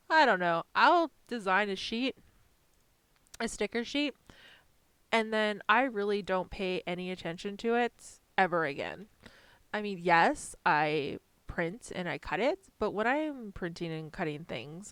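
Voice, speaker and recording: A woman chatting casually on a live stream while designing stickers, self-deprecating and talking to her software as she works. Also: medium pitch, expressive, a little slow, clear, resonant tone, dry recording.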